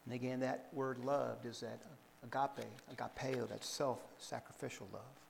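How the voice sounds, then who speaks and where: A man preaching a sermon, reading scripture aloud in a measured way and explaining it to the congregation. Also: medium pitch, flat delivery, vocal fry, big-room sound, a little hiss or hum, poor audio. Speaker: pastor.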